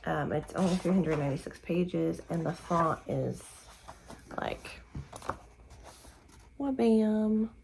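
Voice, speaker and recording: Sleepy woman with a creaky voice. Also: lowish voice, animated, takes it slowly, long pauses, darkish tone, a little hiss or hum, poor audio. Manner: rambling, searching for words with many fillers. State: sleepy and tired, yawning. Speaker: book vlogger. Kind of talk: casual morning chat to camera. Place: at home in the morning.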